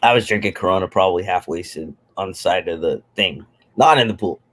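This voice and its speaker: A man's voice: deep voice, a little fast, fairly bright tone. Joking, rambling man in his forties. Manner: rambling, jokey, self-deprecating. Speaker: guest on a live stream. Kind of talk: casual storytelling chat.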